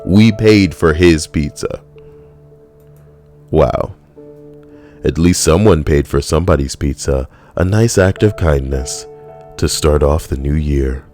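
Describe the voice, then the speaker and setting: A man hosting a comedy video, reading out a funny list and making sarcastic, quick asides. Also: very deep voice, darkish tone, soft background music. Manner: sarcastic, quick asides, laughs at own jokes.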